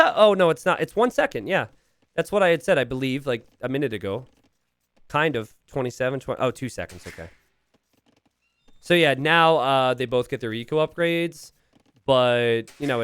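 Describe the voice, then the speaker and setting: A man's voice: medium pitch, big pitch swings, normal speed, fairly bright tone, clear, resonant tone, no echo. A young man from Pennsylvania casting a strategy game on a live stream, rambling casually and chatting with viewers. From Pennsylvania, USA. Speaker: game caster.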